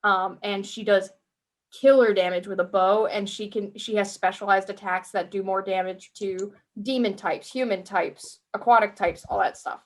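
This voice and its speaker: A woman's voice: mid-range voice, steady tone, normal speed. A woman co-hosting a podcast in casual gaming chat, chatty, swearing freely and acting out her own reactions as she talks. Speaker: podcast co-host.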